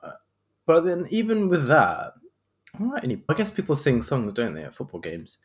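Man, thirties, podcast host, sarcastic, rambling, very animated pitch. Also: brisk. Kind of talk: casual podcast commentary.

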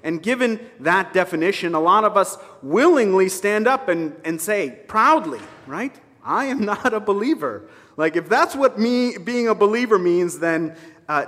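A man preaches to his congregation in a conversational sermon, tossing in wry asides. His voice sits high and moves all over the place. The sound carries a long hall reverb, as in a large sanctuary. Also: lively intonation, a little slow, fairly bright tone. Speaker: minister.

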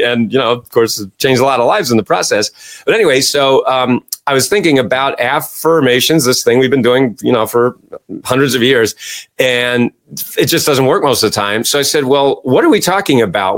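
A man being interviewed as an executive coach, explaining his ideas in an animated, storytelling way and often tagging his sentences with "right?" and "you know". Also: fairly quick. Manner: animated storyteller, acts out quoted audiences with a raised pitch.

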